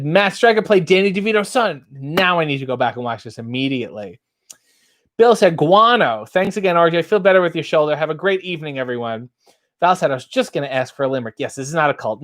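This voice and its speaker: A middle-aged man hosting a relaxed live stream, chatting as he reads comments aloud. His voice sits fairly high for a man and moves a lot, jumping up and down in pitch. He gives the limericks a playful sing-song lift. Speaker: host. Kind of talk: casual live-stream chat reading comments.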